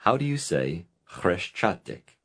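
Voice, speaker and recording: A man narrating a language course in a scripted lesson style, giving clear, instructive prompts. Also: sits low, big pitch swings, unhurried, fairly bright tone.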